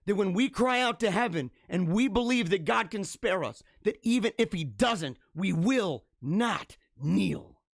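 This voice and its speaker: A man hosting a live religious stream, talking fervently and preachily, dropping to hushed tones and then rising to loud exhortation. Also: high-pitched, animated, normal speed, few pauses, no room sound, studio quality. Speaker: host of a live religious show. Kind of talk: impassioned live-stream monologue.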